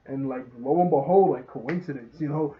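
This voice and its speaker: A man giving a casual, rambling episode review. He gets excited, laughs often and retells scenes as he goes. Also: mid-range voice, moderate pace. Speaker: show reviewer. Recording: roomy, dull lo-fi sound.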